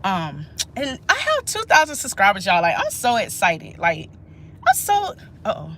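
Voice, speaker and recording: A woman's voice: mid-range voice, huge pitch swings, moderate pace, sharp tone, slight background noise. A woman, chatting casually and emphatically to her viewers during a live stream. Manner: chatty, emphatic, talks straight to viewers as "y'all". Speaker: nurse and channel host.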